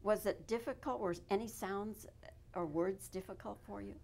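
Woman, interviewer, casual chat, chuckles, middle-pitched voice. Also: normal speed, creaky. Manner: warm, chuckling, complimentary questions.

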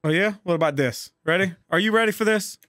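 A man hosting a co-op gameplay video, swearing loudly and screaming at the game in bursts of yelling and laughter. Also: high voice, fast talker, no echo. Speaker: gaming host. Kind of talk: co-op gameplay commentary.

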